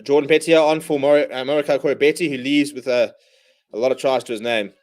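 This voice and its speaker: A man hosting a live rugby watchalong, calling the play in quick bursts and ranting in exasperation at his own side. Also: medium pitch, steady tone, a little mellow. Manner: exasperated, ranting fan commentary. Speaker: watchalong host. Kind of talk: live match watchalong commentary.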